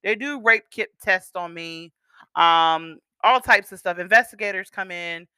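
A woman's voice: fairly low pitch, a little slow, bright, forceful tone, smooth, no echo, clean studio sound. A woman telling viewers a personal story in a candid, profane, conversational storytime vlog.

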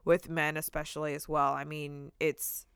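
A woman's voice: sits low, little pitch movement, normal speed, a bit bright, smooth, no room sound, studio quality. A young woman co-hosting a podcast in casual chat, rambling with lots of fillers and frequent laughs. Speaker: podcast co-host.

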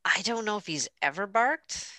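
A woman's voice: mid-range voice, expressive, normal speed, bright, forceful tone, dry recording, rough recording. A woman co-hosting a podcast, telling stories in a blunt, joking, casual way. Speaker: podcast co-host, doula. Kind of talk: casual chat.

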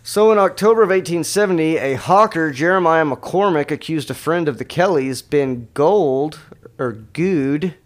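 A man co-hosting a podcast in casual chat, reading history notes aloud with halting fillers and restarts. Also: on the high side. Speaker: podcast co-host.

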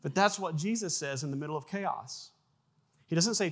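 A man preaching a sermon, animated, with frequent repeated words and acted-out sound effects in his stories. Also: on the high side, a little fast. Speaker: pastor.

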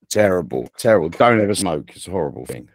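A man's voice: deep voice, sing-song, normal speed, no echo. A man with an English accent hosting a casual podcast chat, rambling and full of "you know", with dry teasing humor. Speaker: podcast host.

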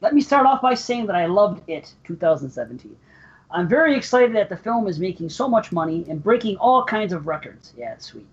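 A man's voice: high-pitched, fairly quick, breathy edge. A man hosting a podcast, reading listener emails and joking crudely in casual banter. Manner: crude, animated, laughs a lot. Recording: muffled lo-fi podcast audio.

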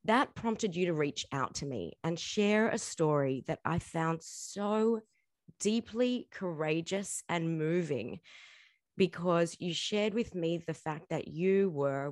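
Lady host, low voice, dry close sound, earnest and reflective, talks in long winding sentences. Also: measured pace, darkish tone, no room sound. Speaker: interview host. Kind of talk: heartfelt conversational interview.

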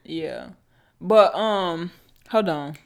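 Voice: medium pitch, lively intonation, extremely slow, creaky, clean tone. Candid, casual podcast co-host. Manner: candid, profane, storytelling. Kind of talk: casual chat.

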